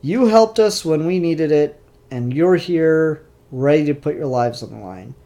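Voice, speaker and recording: A man's voice: a little high, animated, unhurried, warm tone. A man voicing an earnest, good-hearted young boy hero while retelling a comic. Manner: sincere, encouraging.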